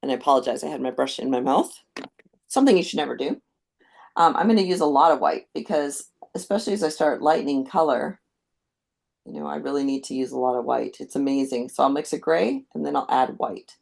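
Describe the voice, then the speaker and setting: A woman giving a live painting demonstration, calmly explaining each step as she thinks aloud. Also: extremely low pitch, brisk, vocal fry. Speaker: painting instructor.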